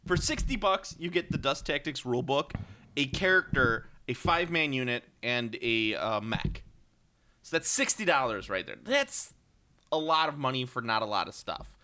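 A man's voice: mid-range voice, lively intonation, moderate pace, bright, forceful tone. A man co-hosting a casual podcast chat, rambling with ums and self-corrections and cracking wry jokes. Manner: wry, joking. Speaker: podcast co-host.

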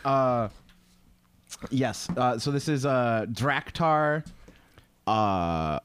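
A man's voice: medium pitch, very slow, a bit bright, a little hiss or hum. A man co-hosting a podcast in casual, joking chat, swearing and laughing often. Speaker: podcast co-host.

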